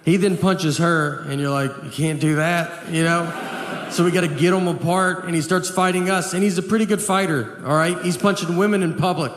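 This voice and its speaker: A man doing a stand-up comedy set, telling rambling stories in a deadpan, understated way, full of fillers. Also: high-pitched, brisk. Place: large theater stage with a live audience. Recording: reverberant hall with audience noise.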